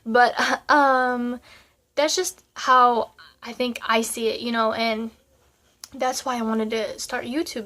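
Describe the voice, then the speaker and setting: A woman's voice: on the high side, a bit bright. Tearful young woman vlogging. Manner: rambling, heartfelt, many fillers. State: tearful, crying at times. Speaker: YouTuber. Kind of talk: casual vlog talk to camera.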